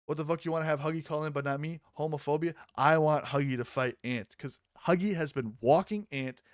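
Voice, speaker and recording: A man with a fairly high voice runs a casual live-stream commentary, sharp, excitable and mocking, with plenty of swearing. His voice is close and dry, with no room sound around it. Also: a little fast, dry recording.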